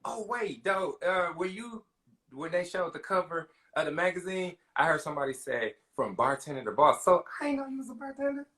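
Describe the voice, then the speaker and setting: A man hosting a phone livestream interview, gushing and chatty with frequent laughs. His voice is bright and sharp, and his pitch swings widely as he talks. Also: very animated, a little fast. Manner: chatty and effusive, laughing often.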